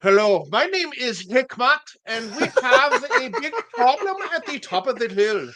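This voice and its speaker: A woman voicing a self-important male town official in a put-on foreign accent, declaiming grandly in a high voice. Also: big pitch swings, unhurried, a bit bright, heavily acted. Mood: pompous.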